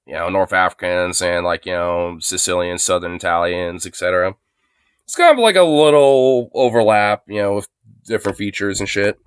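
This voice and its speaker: Rambling man with a smooth, dry voice. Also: low-pitched, normal speed, dry recording. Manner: rambling, heavy fillers and swearing. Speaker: streamer. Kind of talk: livestream commentary. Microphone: phone.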